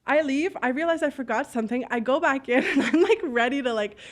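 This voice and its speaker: Blunt, animated woman with a higher voice. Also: brisk. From Canada. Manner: animated, blunt storyteller who swears; fillers and acted-out dialogue. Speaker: podcast guest, business owner. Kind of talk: casual interview storytelling.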